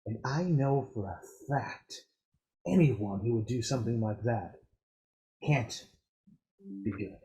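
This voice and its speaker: Man voicing a grave, quiet wary woman. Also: lively intonation, slow, pauses often, poor audio. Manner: quiet, low and grim. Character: wary, grave married woman, tavern regular.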